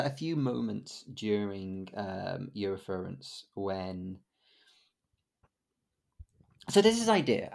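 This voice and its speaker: A man's voice: fairly low pitch, vocal fry, darkish tone. A man co-hosting a casual podcast, telling convention stories in a rambling way with many fillers and restarts. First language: English, some Welsh. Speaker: podcast co-host.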